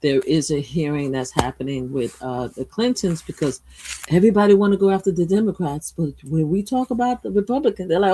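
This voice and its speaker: A woman from Brooklyn hosting a casual political livestream, blunt and profane, swinging between loud outbursts and quiet asides. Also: fairly low pitch, expressive, a little fast, breathy edge. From Brooklyn, USA. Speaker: livestream host. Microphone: streaming mic.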